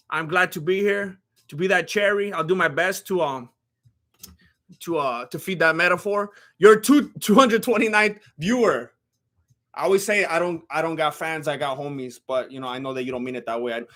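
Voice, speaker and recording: High, bright-voiced man joking on a live stream. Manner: rambling, joking, self-interrupting. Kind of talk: casual live-stream fight commentary.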